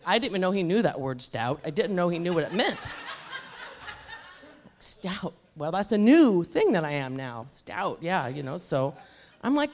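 A middle-aged woman preacher delivering a sermon. She speaks emphatically and with lively animation, and she slips easily into humorous personal stories. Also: lowish voice, normal speed. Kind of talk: sermon with comic storytelling.

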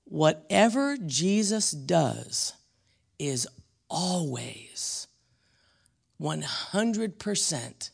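A man preaching a blunt, emphatic teaching sermon, slowing down and dropping to a whisper on key words. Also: a little high, very animated, vocal fry, breathy edge.

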